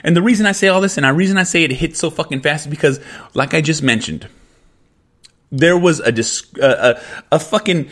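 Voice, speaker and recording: Heated male podcast host, profane and emphatic, higher-pitched voice. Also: brisk, a bit bright. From California. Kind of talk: angry podcast rant.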